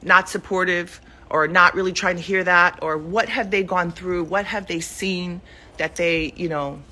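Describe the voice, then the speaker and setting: A woman's voice: fairly low pitch, fairly even intonation, unhurried, bright, forceful tone. A woman in her forties speaking emotionally and at length in an unscripted live video from her living room, rambling with many fillers and restarts. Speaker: mother speaking out on social media. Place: living room at home, cluttered with clothes.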